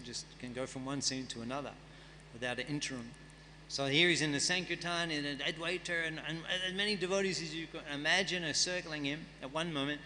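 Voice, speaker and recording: This is a temple festival guest speaker leading a scripture class in the temple hall, chanting and reading verses, then talking through their meaning conversationally. He has a slightly high, bright, forceful voice, heard in a large hall with a little background noise.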